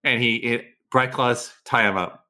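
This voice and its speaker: A man playing a tabletop role-playing game, excitedly narrating his character's actions in halting bursts. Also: medium pitch. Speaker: player.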